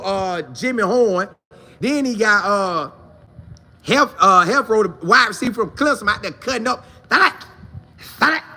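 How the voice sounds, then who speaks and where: A man hosting a sports talk show, chatting casually and answering viewer comments in a slangy, repetitive, animated way. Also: high-pitched.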